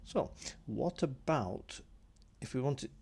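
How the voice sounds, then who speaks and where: A man casually walking through his synth module's settings, thinking aloud with plenty of ums and pauses. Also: mid-range voice, expressive, vocal fry, darkish tone, a little hiss or hum. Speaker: synth hobbyist demonstrating gear. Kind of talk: casual tutorial walkthrough.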